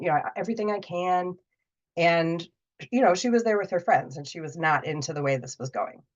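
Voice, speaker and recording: A woman guest telling a personal story in a warm, conversational way, bringing the people in it to life. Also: on the low side. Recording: muffled lo-fi audio.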